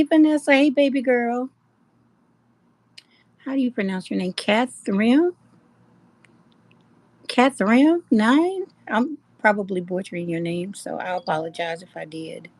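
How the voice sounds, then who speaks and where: A woman's voice: fairly low pitch, no echo. A middle-aged woman with a drawl hosts a live stream and chats easily with her viewers. She greets people by name and laughs a lot. The sound is dry and close. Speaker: live-stream host of a jewelry shop.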